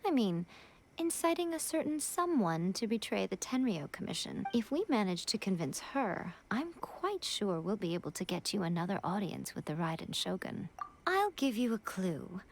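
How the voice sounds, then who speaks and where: A sly, poised shrine priestess. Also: female voice, on the high side, big pitch swings, a little hiss or hum. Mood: teasing. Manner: teasing, composed, unhurried. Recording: with soft game music behind.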